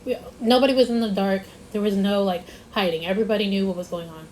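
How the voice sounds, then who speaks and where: A young woman vlogger rambles through a casual storytime, repeating herself, stressing her points, and saying "like" constantly. She talks fast in a mid-range, slightly mellow voice with fairly even intonation, on a rough recording with slight background noise.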